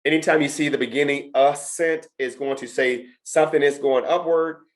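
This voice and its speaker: A man's voice: a little high, fairly even intonation, moderate pace. A middle-aged man teaching a test prep session to students, talking emphatically and repeating his key points. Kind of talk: lecture to students.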